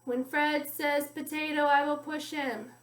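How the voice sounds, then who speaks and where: A woman's voice: high-pitched, flat delivery, a little slow, fairly bright tone, reverberant. A woman voicing an adult woman patient who smokes too much, speaking plainly and a little dazed.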